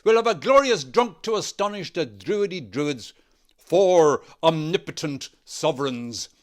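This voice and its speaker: A man with a Northern Irish accent voicing a boisterous, mocking young man who talks loudly and theatrically. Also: on the high side, very animated, unhurried, voice pushed up, heavily acted. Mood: gleeful.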